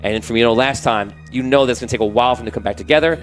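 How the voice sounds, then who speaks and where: A man's voice: medium pitch, racing, faint music behind, poor audio. A man narrating as game master of a tabletop game, setting scenes cinematically and rambling with restarts and fillers.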